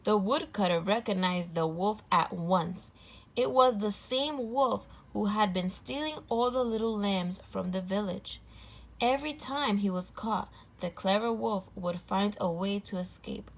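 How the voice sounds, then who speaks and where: A woman reading a children's storybook aloud, clear, gentle and even. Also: mid-range voice, unhurried. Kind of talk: read-aloud storybook narration.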